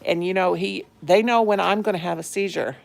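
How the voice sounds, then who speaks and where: A woman's voice: fairly low pitch, steady tone, fairly quick, creaky, a little hiss or hum. A woman chatting casually and affectionately on a phone live stream from home, greeting viewers and her pets. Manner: chatty, affectionate, fond of pet talk. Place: home, indoors.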